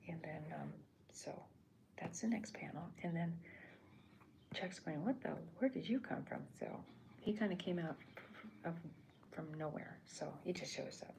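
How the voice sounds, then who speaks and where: A woman cartoonist in soft-spoken ASMR commentary, talking hesitantly with many restarts as she describes her comic panels. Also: low-pitched, creaky, rough recording.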